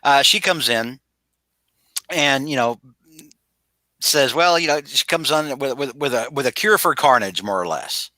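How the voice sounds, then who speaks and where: A man's voice: medium pitch, lively intonation, measured pace, long pauses, bright, forceful tone, no room sound. A man recapping a comic book on a podcast in a casual, rambling way, full of fillers and restarts, over a video call. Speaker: podcast host.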